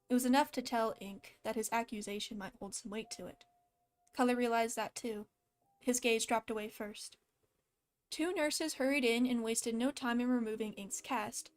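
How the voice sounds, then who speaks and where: A woman with a slight lisp reads a fan story aloud in a casual way. She breaks off now and then to laugh and comment. Her voice sits fairly high, with faint music in the background. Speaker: fan fiction reader.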